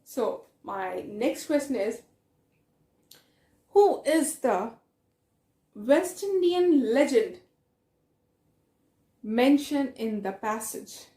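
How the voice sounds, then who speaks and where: A woman's voice: fairly high pitch, big pitch swings, drawn-out words, pauses often, dark tone, reverberant. A woman teaching a reading lesson in English with a South Asian accent, repeating her questions and praising answers.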